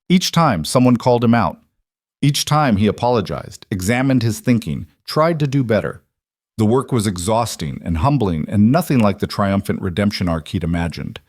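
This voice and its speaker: A man narrates a scripted drama in a calm, measured cadence. His voice sits on the low side, and the recording is dry and close, with no room around it. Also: no room sound. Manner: steady, measured storytelling.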